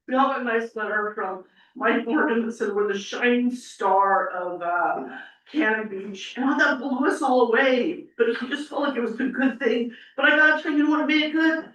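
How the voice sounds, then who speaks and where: Woman, emotional public comment, tearful, rambling, higher voice, distant mic, very echoey chamber. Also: a bit bright, dull audio. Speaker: public commenter at a city council meeting.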